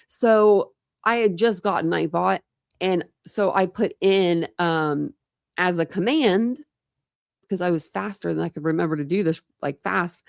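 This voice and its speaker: A woman's voice: mid-range voice, darkish tone, dry recording, studio quality. A woman hosting a true crime channel, chatting casually and rambling to her live chat.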